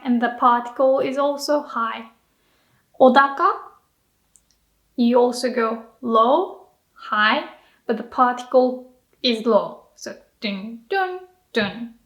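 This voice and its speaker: A woman teaching a casual video lesson, playfully demonstrating pitch by drawing out syllables. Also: a bit bright, roomy sound. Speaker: Japanese teacher.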